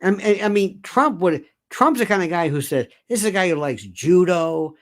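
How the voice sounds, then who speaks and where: A man's voice: high voice, lively intonation, normal speed. An older man hosting an opinion commentary monologue, sarcastic and digressive in his delivery. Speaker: commentary host.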